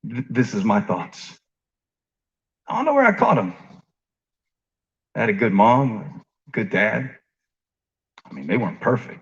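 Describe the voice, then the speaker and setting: A man preaching a conversational sermon. He asks the congregation questions, jokes with them, and shifts between quiet stretches and rising emphasis. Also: mid-range voice. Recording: dull lo-fi sound.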